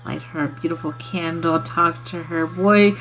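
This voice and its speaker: A woman's voice: low-pitched, fairly even intonation, normal speed, fairly bright tone, soft background music. A woman hosting a casual spiritual livestream who laughs often and swears freely in a loose, playful way. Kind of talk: casual chat with viewers.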